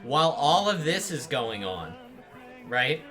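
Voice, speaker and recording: Bright-voiced man running a tabletop game. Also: a little high, very animated, takes it slowly, soft background music. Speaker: game master.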